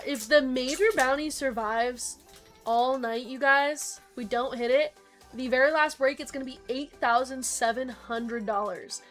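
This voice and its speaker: Young woman, high voice, breaks host, quick chatty name lists, faint music behind. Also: a bit bright. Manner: rapid listing of names, chatty asides to viewers. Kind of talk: live-stream card break commentary.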